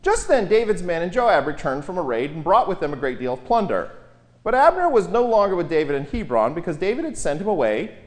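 A man giving an informal, wry Bible lecture, telling the story in a lively way and quoting the characters. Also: high-pitched, fairly quick.

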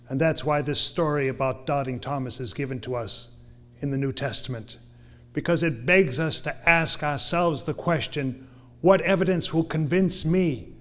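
A man preaching a sermon, reading scripture slowly and then pressing his point with earnest emphasis. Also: fairly high pitch. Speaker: pastor.

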